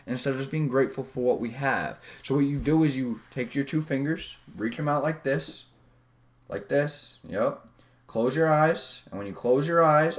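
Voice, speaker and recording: A man hosting a self-improvement video, giving a casual, slangy motivational talk that includes guided visualizations. He swings his pitch up and down for emphasis. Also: normal speed.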